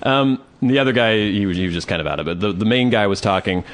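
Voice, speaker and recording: A man's voice: on the low side, fast, a little hiss or hum. A man co-hosting a podcast, telling an anecdote in casual chat and acting out both sides of the dialogue. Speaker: podcast co-host.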